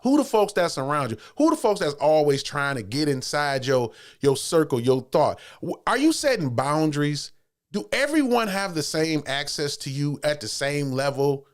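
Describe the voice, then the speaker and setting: A man talks straight to his followers in a motivational monologue. He circles back to the same points and trips over restarts. His pitch swings widely from low to high as he presses each idea. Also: very animated, moderate pace. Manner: preachy, repetitive, building emphasis with stammered restarts. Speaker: channel host.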